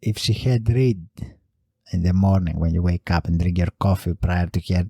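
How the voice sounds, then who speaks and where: A man's voice: low voice, normal speed, creaky, warm tone, slightly rough, no room sound, clean studio sound. A man hosting a solo comedy podcast, rambling through a funny story and laughing as he tells it. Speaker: podcast host.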